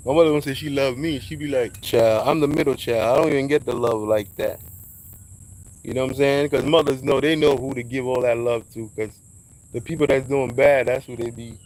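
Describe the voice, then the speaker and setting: A man, talking in a casual monologue, preachy and emphatic, dropping into low asides. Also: darkish tone, poor audio. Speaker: vlogger giving advice.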